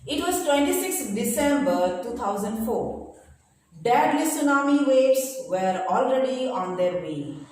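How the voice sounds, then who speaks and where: Teacher lady, slow reading, high-ish voice, far off in a big echoey room. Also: darkish tone. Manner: slow, explains each word simply, with pauses and fillers. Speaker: school teacher. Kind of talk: reading and explaining a textbook chapter to pupils. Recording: echoey room, voice from away from the mic, faint noise.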